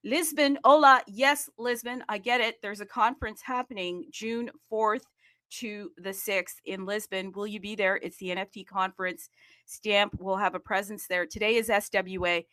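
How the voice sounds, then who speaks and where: A woman's voice: medium pitch, steady tone, normal speed, a bit bright, no room sound, clean studio sound. A woman hosting a live online audio room in a sassy, playful, bubbly way, hyping up the show.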